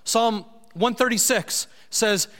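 High-voiced pastor preaching in a big hall. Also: male voice, pushed and bright. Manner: emphatic preaching, slowing down to stress key words. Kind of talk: sermon. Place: church sanctuary.

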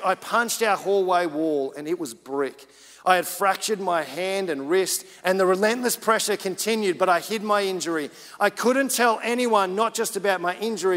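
Man, pastor, sermon, high voice, long hall reverb, chatty then urgent. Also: a bit bright. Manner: casual preaching, rising to urgent emphasis. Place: church.

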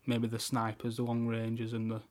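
A man's voice: mid-range voice, completely flat delivery, brisk, a little mellow. A man chatting about a video game as a co-host, hedging his guesses and restarting his sentences. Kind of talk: casual gaming chat.

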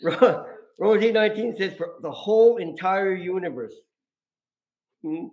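A man's voice: high voice, a little slow. A man preaching an informal sermon, telling stories with frequent laughter. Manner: animated, laughs often, storytelling. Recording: echoey room.

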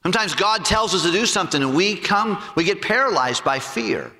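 A man preaching a sermon with animated storytelling, acting out voices and jokes. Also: high voice, a little fast, big-room sound. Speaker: pastor.

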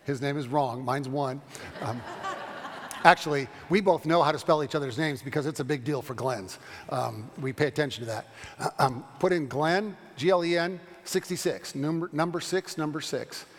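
Man pastor leading a Bible class, brisk and animated, slightly high voice, hall reverb. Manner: fast-talking, animated, stumbles and restarts. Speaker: pastor teaching a Bible study. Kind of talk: Bible study lecture with questions.

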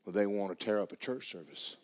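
A pastor with a fairly low voice preaches to his church. He moves from loud, excited storytelling to quiet, hushed passages. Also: fairly quick. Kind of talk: sermon. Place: church sanctuary.

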